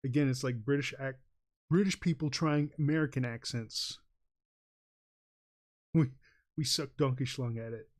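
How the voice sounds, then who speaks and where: A man's voice: mid-range voice, moderate pace, pauses often. A man streaming while he draws, chatting casually and rambling between many fillers, chuckling often. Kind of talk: casual livestream chat while drawing.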